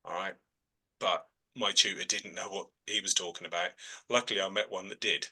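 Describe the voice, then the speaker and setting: A man's voice: sits low, steady tone, a little fast, sharp tone, husky, rough recording. A man who works as a trance medium, answering students' questions in a chatty teaching manner. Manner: chatty, frequent "all right?" check-ins. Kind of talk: relaxed teaching in a video call.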